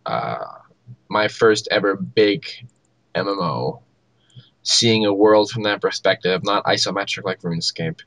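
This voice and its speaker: Young podcast co-host, lively storyteller, dry close sound. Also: male voice, low voice, a little slow, no echo. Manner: animated storyteller, many likes and ums. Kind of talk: casual chat, storytelling.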